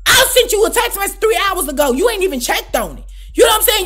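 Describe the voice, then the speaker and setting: A woman telling a story to her viewers in a loud, animated, profane, exclamatory way. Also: very high-pitched, fast, few pauses. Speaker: storytime vlogger. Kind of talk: casual storytime.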